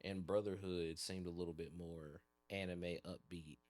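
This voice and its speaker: A man's voice: sits low, steady tone, normal speed, a little mellow, no room sound. A man co-hosting a podcast, chatting in a laid-back, rambling way with loose slang. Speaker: podcast co-host. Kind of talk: casual chat about anime and games.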